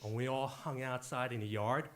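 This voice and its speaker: A man's voice: mid-range voice, steady tone, normal speed, a bit bright. A man in his forties telling a jokey, punchy story live on stage into a handheld mic.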